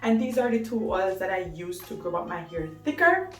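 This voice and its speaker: A woman's voice: medium pitch, very animated, moderate pace, fairly bright tone. A woman talking to camera about hair care, chatty and enthusiastic, often laughing. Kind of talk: casual talk to camera. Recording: roomy echo, mic at a distance, faint music.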